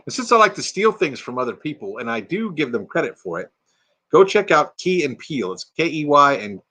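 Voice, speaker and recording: A man's voice: a little high, fairly bright tone. A retired man hosting a casual livestream from his RV, chatting playfully as he reads out viewer comments and jokes around. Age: retired, middle-aged or older. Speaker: livestream host. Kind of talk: casual live chat reading viewer comments. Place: inside an RV.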